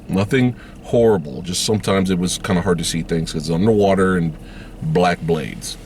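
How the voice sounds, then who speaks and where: A man hosting a casual movie review vlog, swearing freely and acting out scenes in high mocking voices. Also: moderate pace, darkish tone, a little hiss or hum. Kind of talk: casual spoiler review chat.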